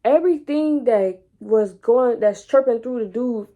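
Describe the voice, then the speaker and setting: Animated young woman telling a story. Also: a little slow. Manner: animated, repeats words, rises high and loud when excited. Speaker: vlogger and entrepreneur. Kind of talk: casual personal storytelling.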